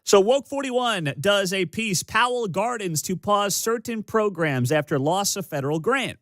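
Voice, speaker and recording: A man's voice: sits high, a little slow, dry recording. A man hosting a Midwestern talk radio show, ranting sarcastically and mimicking people he disagrees with. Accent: Midwestern American. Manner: sarcastic, animated, mocking voices. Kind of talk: opinionated talk radio monologue. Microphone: studio microphone.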